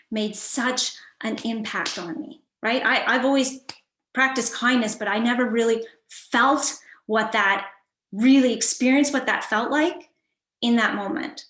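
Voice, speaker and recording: A woman's voice: on the high side, fairly bright tone, echoey room. A woman coach telling a personal story in a conversational, reflective way, with frequent fillers and restarts. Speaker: guest coach.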